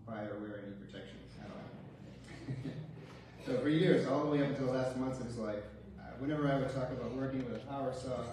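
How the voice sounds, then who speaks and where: A man's voice: medium pitch, fairly quick, a little mellow, a little hiss or hum. A man delivers a eulogy in a church, spinning wry, humorous anecdotes about his late father with little chuckles. He sounds set back from the microphone, and his voice rings through a very reverberant hall. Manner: wry storytelling with light chuckles. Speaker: son giving a eulogy. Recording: very echoey church, distant mic.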